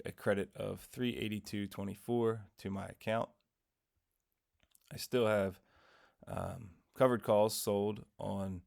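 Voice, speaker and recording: Guy with a croaky morning voice going over his dividend trades, low and rambly, tacks on a dad joke. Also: a little mellow. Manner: rambling, self-correcting, tells dad jokes. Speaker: investing channel host. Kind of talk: casual weekly trade recap.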